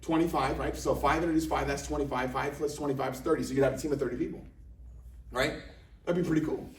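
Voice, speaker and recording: A man from Indiana, his voice a little high with a steady tone, speaks fast as he gives a joking sales presentation to a live audience, often throwing questions at the room. It's captured from a distance in an echoey company office meeting room.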